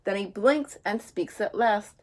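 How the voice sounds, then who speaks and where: A woman's voice: medium pitch, a little slow, darkish tone. A woman teacher reading a children's rhyming story aloud in a rhythmic sing-song.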